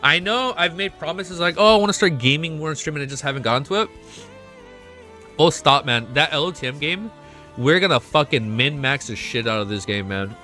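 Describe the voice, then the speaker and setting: A young man hosting a casual livestream, excitable and swearing often, reading chat aloud. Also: on the high side, brisk. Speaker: livestream host. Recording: faint music behind.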